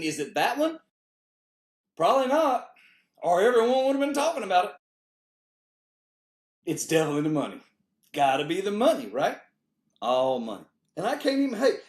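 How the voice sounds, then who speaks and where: A man doing a comedic monologue, jumping between high exclamations and low muttered asides. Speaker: comedian host. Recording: roomy echo.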